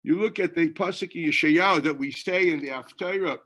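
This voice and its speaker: A rabbi teaches a Torah class in a fairly high, bright voice. He keeps it conversational, putting questions to himself and answering them. His talk mixes in Hebrew and Yiddish terms. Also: a little fast. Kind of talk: Torah lecture.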